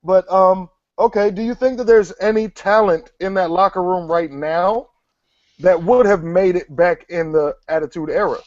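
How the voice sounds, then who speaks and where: High pitched guy hosting, blunt and swearing, dry muffled sound. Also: normal speed, a little mellow, no room sound. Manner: blunt, teasing and profane. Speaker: show host. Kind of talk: casual interview chat.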